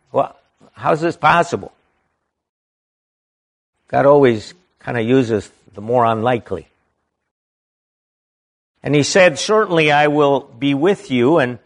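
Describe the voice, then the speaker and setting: A man preaching from the Bible, reading verses slowly and deliberately and stopping to add emphatic comments of his own. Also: mid-range voice.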